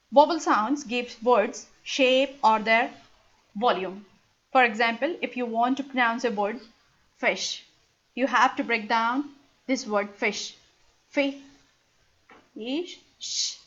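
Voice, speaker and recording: A woman's voice: fairly high pitch, a bit bright. A woman teaching an ESL lesson, patiently spelling out letters and breaking words into sounds. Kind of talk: slow explanatory lesson. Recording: dull lo-fi recording.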